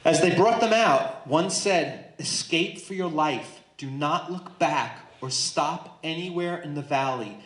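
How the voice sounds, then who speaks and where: A man's voice: on the high side, a little slow, few pauses, fairly bright tone. A man leading a Bible study in a church, teaching emphatically and often checking in with listeners. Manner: emphatic, asks listeners questions. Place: church room. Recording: roomy echo.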